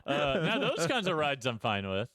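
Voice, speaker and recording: A man's voice: medium pitch, sing-song, normal speed, fairly bright tone, dry recording. A man co-hosting a podcast, chatting casually and poking fun at himself with frequent laughs. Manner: laughs often, self-mocking. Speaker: podcast co-host. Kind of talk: casual chat.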